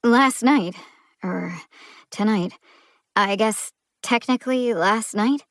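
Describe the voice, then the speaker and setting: A woman's voice: mid-range voice, takes it slowly, no room sound, studio quality. A woman voicing a tired, anxious young woman stopped by a cop, speaking tensely and with growing fluster.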